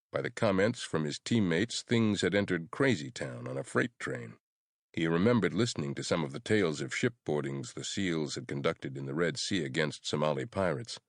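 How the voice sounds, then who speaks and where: A man narrating a horror audiobook in a measured, even storytelling manner. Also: extremely low pitch, no echo, clean studio sound.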